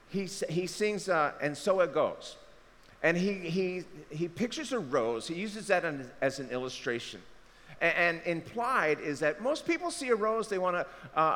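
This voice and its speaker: A man preaching a conversational sermon as pastor, acting out the people he quotes. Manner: conversational, acts out quotes with lively pitch swings. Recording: reverberant hall, faint background noise.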